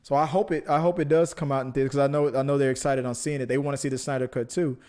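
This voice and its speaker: A man's voice: mid-range voice, flat delivery, very fast, darkish tone, smooth. A man co-hosting a casual movie podcast, rambling and joking as he talks through the news. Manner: jokey, rambling, self-correcting. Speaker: podcast co-host.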